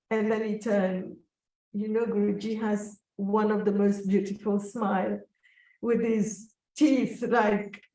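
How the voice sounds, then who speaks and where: A woman telling a personal story in an interview, slow, reflective and emotional. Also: medium pitch, mellow. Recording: echoey room, voice from a distance.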